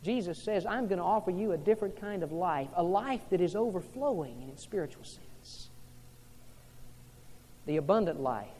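A man preaching a sermon, dropping to soft, low passages and rising to loud, fervent preaching. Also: long reverb tail.

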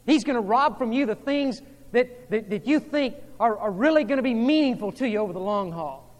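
A man preaching a sermon as pastor, moving between hushed, intimate passages and emphatic, rising delivery. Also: very high voice, expressive, brisk, in a large hall.

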